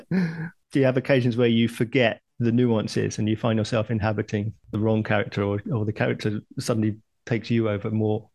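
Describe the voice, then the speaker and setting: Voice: medium pitch, steady tone, moderate pace, a little mellow. A podcast host asking a guest about comedy in a casual interview and giving brief replies while the guest talks.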